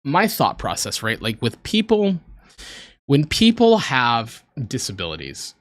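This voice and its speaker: An American man, roughly in his twenties, reacts to videos on a stream in a medium-pitched, fairly bright voice with huge pitch swings and a measured pace, recorded with no echo. He talks casually and earnestly, sometimes rambling and at times emotional.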